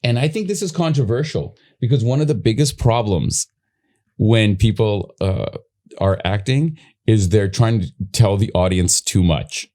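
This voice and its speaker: Blunt, deep-voiced male podcast host. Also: unhurried. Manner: animated, blunt, teasing, casually profane. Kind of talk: casual discussion of acting technique.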